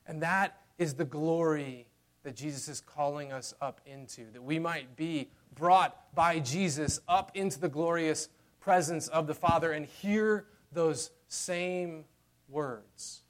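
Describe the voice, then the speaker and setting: A man preaching a sermon in a conversational style, dropping to a hushed, tender voice for key lines. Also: on the high side, a little slow. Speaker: pastor.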